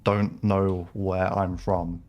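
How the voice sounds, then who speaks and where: This game streamer from England has a deep, darkish voice with little pitch movement and a slow pace. He rambles casually to his live-stream audience during play, his English-accented talk peppered with fillers and restarts.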